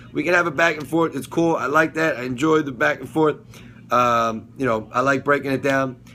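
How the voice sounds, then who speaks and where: A sports and TV review vlogger hosts a casual solo vlog on football and TV, rambling with many fillers and restarts. He swears casually now and then and laughs at his own jokes. His voice is fairly high and a bit bright, with a little hiss or hum.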